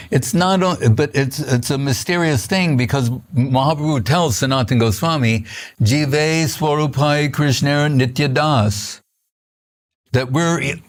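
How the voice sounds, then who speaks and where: An older man giving an informal spiritual lecture, telling stories conversationally with many restarts and soft laughs. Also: a little high, unhurried. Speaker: spiritual teacher.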